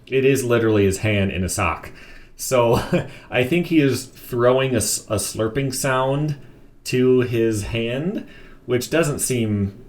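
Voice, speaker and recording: A man's voice: mid-range voice, slow. A man casually reviewing a comic book, reading it aloud and adding amused, chuckling asides.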